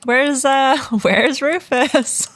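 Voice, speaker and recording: A woman's voice: high-pitched, very slow, fairly bright tone, no room sound. A woman playing a character in a tabletop role-play podcast. She speaks casually and hesitantly and laughs often. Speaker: player.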